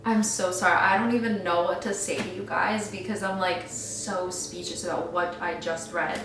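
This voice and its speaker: A young adult woman vlogging her reactions to a book, gushing and excitable with lots of filler words. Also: on the low side, normal speed, recorded from a distance, noisy background. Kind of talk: casual reading vlog reactions. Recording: roomy sound, mic set back.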